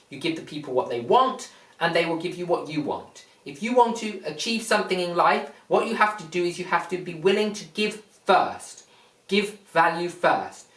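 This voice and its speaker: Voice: medium pitch, a bit bright. A motivational speaker explaining a point plainly and emphatically, retelling a fable with lots of repetition. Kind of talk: motivational talk with a retold fable. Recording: echoey room, mic far off.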